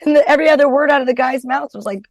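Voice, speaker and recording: A woman's voice: high voice, racing, muffled recording. A middle-aged woman comedian telling profane stories in casual podcast chat. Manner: blunt, profane, storytelling. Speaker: stand-up comedian, podcast guest.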